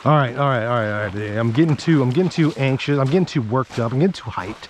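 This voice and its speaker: A man's voice: medium pitch, quick pace. Man vlogging from a creek bank, hyped and chatty, faint outdoor noise behind. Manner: excitable, talks to himself and viewers. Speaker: fishing vlogger. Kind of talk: casual outdoor fishing commentary.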